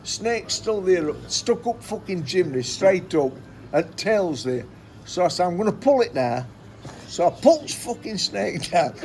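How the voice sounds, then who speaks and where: A man's voice: high voice, big pitch swings, measured pace, slight background noise. A man telling a rambling anecdote, swearing constantly and repeating himself. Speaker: storyteller.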